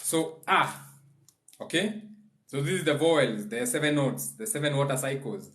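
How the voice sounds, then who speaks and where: A man with a Kenyan accent, a spiritual teacher giving a casual livestream lesson, explaining in a loose, chatty way and now and then chanting phrases slowly. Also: medium pitch, lively intonation, a bit bright, a little hiss or hum.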